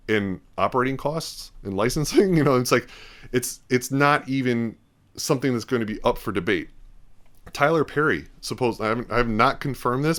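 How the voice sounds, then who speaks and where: A man's voice: lowish voice, fairly bright tone. A man hosting a podcast, talking in a casual, rambling way and acting out bits of quoted dialogue. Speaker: podcast host. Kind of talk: casual talk.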